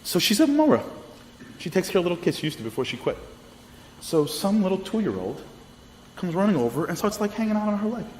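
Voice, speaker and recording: A man telling a story to an audience in a lively, repetitive way, often asking the audience questions. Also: high voice, brisk. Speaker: speaker. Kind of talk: animated storytelling talk. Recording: reverberant hall, faint noise.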